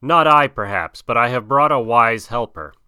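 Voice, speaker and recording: A man's voice: mid-range voice, animated, normal speed, pushed and bright, clear, resonant tone, no echo, studio quality. A man voicing a clever, loyal male wolf who speaks earnestly in a storybook.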